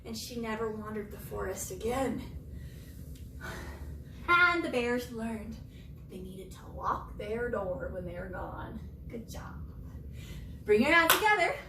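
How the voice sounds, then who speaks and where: A young woman teaching preschool yoga through a story, expressive and sing-song, with gasps and whispers, recorded roomy and from far off. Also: on the high side, a little slow, background noise. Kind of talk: storytelling yoga lesson for children.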